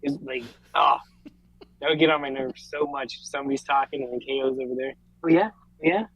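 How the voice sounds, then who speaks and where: A man's voice: mid-range voice, little pitch movement, fast talker, vocal fry, a bit bright, no echo, poor audio. A man co-hosting a wrestling podcast, laid-back and agreeable, talking loosely with lots of fillers. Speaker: podcast co-host. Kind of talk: casual wrestling chat.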